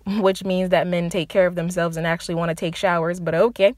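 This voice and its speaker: A woman's voice: lowish voice, animated, normal speed, no echo, studio quality. A young adult woman hosting a solo podcast, ranting angrily and sarcastically with plenty of swearing. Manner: angry, profane, sarcastic. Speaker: podcast host. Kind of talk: impassioned solo rant.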